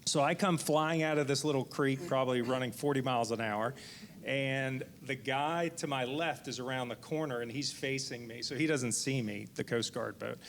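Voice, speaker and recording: A man in his forties, a fishing guide on a panel, telling a lively anecdote full of restarts. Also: medium pitch, normal speed, a little hiss or hum. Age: 40s. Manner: rambling, lively retelling with frequent restarts. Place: indoor event venue.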